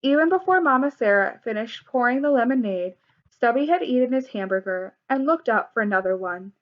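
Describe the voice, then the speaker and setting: A woman's voice: a little high, animated, brisk. Woman reading a children's story. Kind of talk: children's story read aloud. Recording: dull lo-fi recording.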